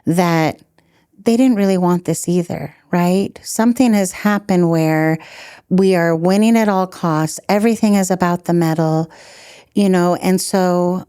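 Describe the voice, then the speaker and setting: A middle-aged woman telling stories as a podcast guest, animated, laughing often and acting out quotes. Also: lowish voice, a little slow, clear, resonant tone, no echo, studio quality. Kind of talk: storytelling in a podcast interview.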